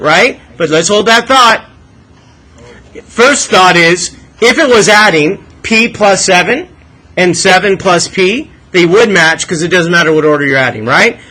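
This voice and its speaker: Bright, high-voiced male math teacher. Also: rough recording. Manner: questioning, coaxing students to think aloud. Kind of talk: classroom lesson. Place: classroom.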